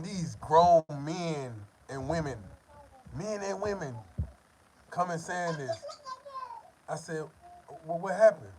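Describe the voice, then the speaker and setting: Black guy telling a story loud n loose, kinda high voice, cussing a lot. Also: a little hiss or hum, low-quality recording. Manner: animated storytelling, swears freely. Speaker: host. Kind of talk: casual chat.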